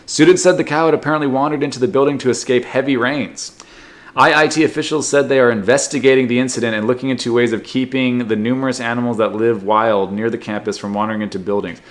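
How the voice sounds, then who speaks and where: A man hosting a comedy podcast, reading odd news stories aloud and riffing on them with sarcastic jokes and quick silly voices. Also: medium pitch, fairly even intonation. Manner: sarcastic, reads headlines then riffs with silly put-on voices. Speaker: podcast host.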